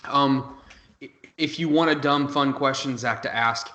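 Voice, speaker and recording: A man co-hosting a gaming podcast, chatting casually in a relaxed, rambling way. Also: medium pitch, unhurried. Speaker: podcast co-host. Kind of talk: casual chat. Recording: echoey room.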